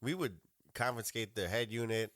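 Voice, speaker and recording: Profane, bright-voiced cop telling stories. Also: male voice, on the low side, normal speed, no room sound, studio quality. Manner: profane, laughing anecdotes. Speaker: podcast host, police officer. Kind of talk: casual chat.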